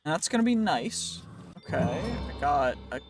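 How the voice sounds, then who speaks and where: A man's voice: on the high side, big pitch swings, moderate pace, music in the background. A man giving casual, rambling gameplay commentary, joking and talking to game characters, his voice wearing out. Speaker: gaming video creator.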